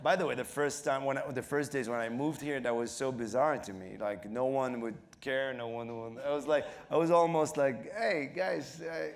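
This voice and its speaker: A middle-aged man from Morocco with a French accent, a comedian being interviewed on stage, who laughs often, acts out voices and talks in halting bursts with many fillers. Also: medium pitch. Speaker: comedian guest.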